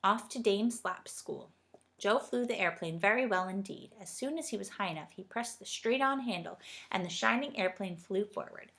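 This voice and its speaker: A woman reading a children's storybook aloud in a steady, gentle storytelling way. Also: medium pitch, normal speed. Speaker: reader.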